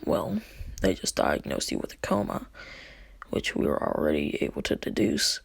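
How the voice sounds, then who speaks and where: Gruff male spirits speak in one deep, low voice, mocking and blunt. The tone is husky and gravelly, a woman dropping her voice to play them in a homemade fan story. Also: wildly swooping pitch, moderate pace, no room sound, exaggerated voice.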